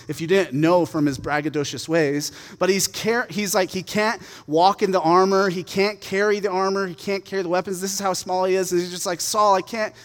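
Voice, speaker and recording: A man preaching a sermon, retelling a story in a casual, animated and humorous way. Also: sits high, long reverb tail. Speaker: pastor.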